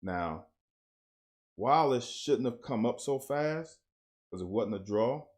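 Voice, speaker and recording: A man with a drawl talks through game film like a coach in the room, blunt and plain-spoken. His voice sits at an everyday middle pitch. He grows animated when a play turns. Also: slow pace. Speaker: host breaking down game film. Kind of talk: casual football film commentary.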